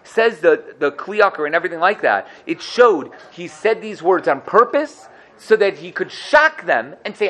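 A man teaching a Torah lesson, animated, acting out the quotes he cites and asking his listeners questions. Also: sits high, moderate pace.

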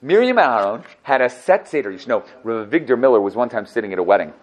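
A man giving a casual Torah class, animated and joking, who acts out little dialogues as he explains. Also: mid-range voice, fast. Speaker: Torah teacher.

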